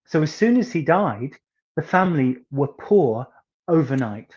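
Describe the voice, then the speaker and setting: Man, soft northeast English accent, fairly high voice, chatty storyteller, theatrical emphasis, muffled lo-fi audio. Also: sing-song, measured pace. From northeast England. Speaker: singer guest.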